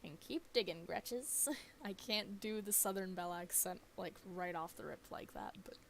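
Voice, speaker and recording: A woman's voice: medium pitch, moderate pace, gravelly. A young woman talks loosely while she plays through a game on stream, chuckling and cursing casually. Her voice sits in an ordinary middle register, with a faint hum of noise behind it. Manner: giggly, swears casually. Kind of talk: casual let's-play chat.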